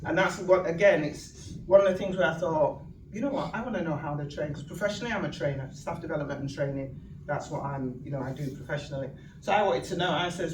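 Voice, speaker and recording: A woman with a Northern English accent telling personal stories as a speaker at an event, animated, laughing often and acting out quoted speech. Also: sits low, quick pace. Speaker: guest speaker. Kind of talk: personal storytelling talk at an event. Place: event venue hall. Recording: echoey hall, mic from far off, noisy.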